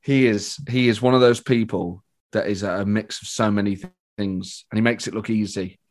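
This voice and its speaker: A British man, a comedian guest, telling an excited story in casual chat, with frequent restarts. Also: fairly low pitch, moderate pace.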